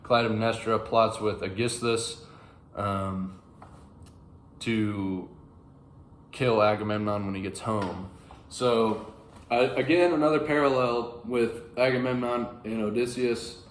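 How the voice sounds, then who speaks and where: A man with a low voice rambles through a casual, animated breakdown of an ancient epic. He stumbles and fills gaps with ums, recorded in a roomy space with faint ambience behind him. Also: takes it slowly, long pauses, a little hiss or hum. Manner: rambling, animated, frequent fillers. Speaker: book channel host. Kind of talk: casual classics commentary to camera.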